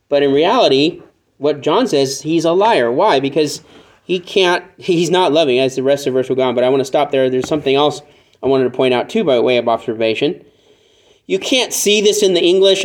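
A man preaching a conversational sermon, teaching from scripture with joking asides and animated acted-out examples. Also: medium pitch. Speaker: pastor.

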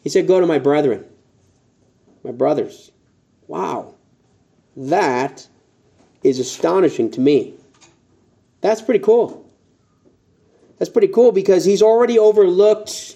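Mellow-voiced man preaching a sermon. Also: a little high, dull audio. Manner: conversational, rising emphatic tones when quoting. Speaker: pastor.

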